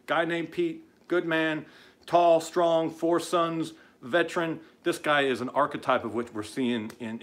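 A man's voice: medium pitch, a bit bright. Blunt, stammering male show host. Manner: frequent "uh" and stammering restarts; blunt and combative. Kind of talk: casual live-stream commentary.

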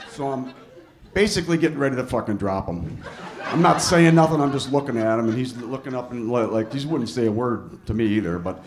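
A man's voice: mid-range voice, expressive, brisk, background noise. A man doing a stand-up comedy set in a club, telling a profane story and acting out both sides. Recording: live club recording with audience laughter.

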